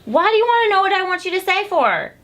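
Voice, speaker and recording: A woman's voice: very high voice, big pitch swings, quick pace, a bit bright, exaggerated voice, low-quality recording. A young acting student playing a moody, defensive young woman who picks a fight in a stage scene. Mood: petulant. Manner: petulant, accusing. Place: classroom stage.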